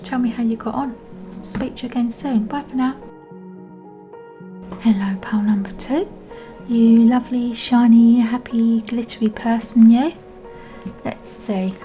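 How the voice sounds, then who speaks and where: A woman giving a gentle tarot reading, soothing and often half-whispered as she reads card meanings aloud. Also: fairly high pitch. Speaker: tarot reader.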